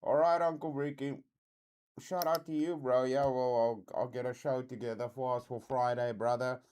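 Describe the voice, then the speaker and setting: A man's voice: medium pitch, steady tone, moderate pace, darkish tone, a little hiss or hum. Laid-back male livestream host. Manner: laid-back, says dude and bro a lot. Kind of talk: casual livestream chat.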